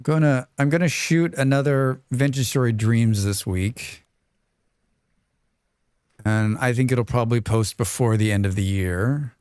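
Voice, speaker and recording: Male game streamer, relaxed and rambling, clear dry close voice, reads chat. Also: mid-range voice, unhurried, no room sound. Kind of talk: casual live-stream chat while playing.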